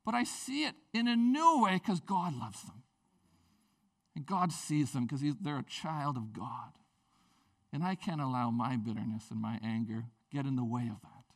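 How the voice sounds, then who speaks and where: A male pastor giving a sermon, lively and joking, mixing scripture with personal stories. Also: mid-range voice, moderate pace.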